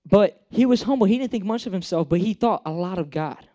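A man's voice: sits high, expressive, fairly quick, dark tone. A young man giving a casual, joking sermon, acting out the characters he talks about. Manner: chatty, joking, acts out characters. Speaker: preacher.

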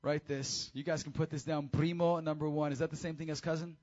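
A man preaching a casual, high-energy sermon to teenagers as youth pastor, with call-and-response. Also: little pitch movement, a little fast, darkish tone, highs cut off.

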